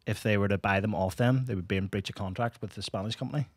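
A man's voice: lowish voice, fast talker, no room sound, studio quality. A man with a Northern Irish accent co-hosting a podcast, explaining things at length in casual chat. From Northern Ireland. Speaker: podcast co-host.

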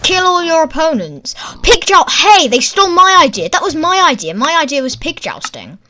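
Excitable high-voiced woman gaming. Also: normal speed. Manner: excitable, exclaiming and thinking aloud. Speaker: gaming channel host. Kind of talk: gameplay commentary. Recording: keyboard clicks and typing in background. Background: keyboard typing noise.

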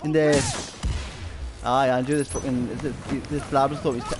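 A man's voice: mid-range voice, flat delivery, normal speed, noisy background. A man with a Geordie accent streaming a shooter game, rambling through stories, swearing constantly and laughing often. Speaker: gaming streamer. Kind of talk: casual chat while streaming a shooter game.

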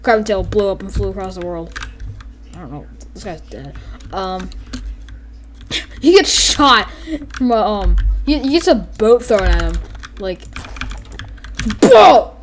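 An excitable woman rambles through her gameplay commentary in a voice that swoops up and down, tossing in "like" and "freaking" and bursting into sudden yelps. She sounds like she is at home at a desk microphone. A faint hiss sits under her voice. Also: medium pitch, moderate pace.

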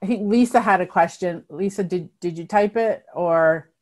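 A woman's voice: on the low side, normal speed, darkish tone. Earnest woman party chair on a video call. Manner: earnest, emphatic, with frequent ums and restarts. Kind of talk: answering members' questions in an online meeting.

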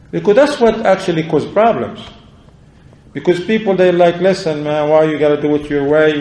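Earnest man preaching in an echoey room. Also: mellow. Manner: earnest, emphatic, rising and dropping pitch for stress. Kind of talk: sermon.

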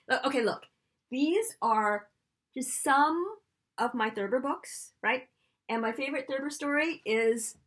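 A middle-aged woman author answering a list of questions in a chatty, playful, self-deprecating way. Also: high-pitched. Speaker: children's author. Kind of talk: casual spontaneous Q&A video.

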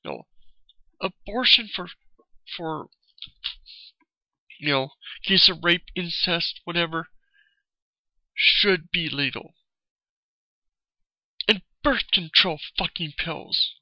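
A man's voice: a little high, slow, pauses often, bright, forceful tone, no room sound, rough recording. A man in an angry, profane video rant, repeating "you know" as he vents. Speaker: vlogger. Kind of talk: angry ranting video commentary.

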